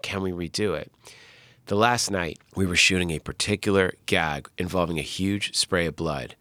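A middle-aged man, a film director, telling animated stories in a casual interview, swearing often and acting out what people said. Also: low voice, normal speed, no echo. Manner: animated storyteller, swears often, acts out quotes.

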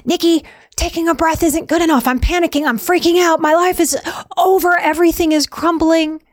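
A woman's voice: extremely high pitch, fairly even intonation, brisk, no room sound, pitched above the performer's own voice. A woman voicing her own panicking inner self in a frantic, rising voice. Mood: panicked.

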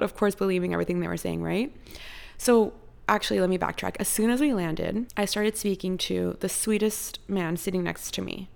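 Gravelly young woman telling a dramatic storytime. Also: mid-range voice, a little mellow. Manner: chatty and dramatic, heavy use of "like". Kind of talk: casual storytime vlog.

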